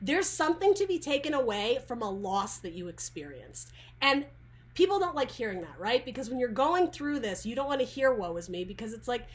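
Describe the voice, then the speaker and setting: A woman's voice: on the high side, big pitch swings, fairly quick. A woman giving a casual tarot reading to camera, chatty and rambling, often restarting her sentences. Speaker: tarot reader.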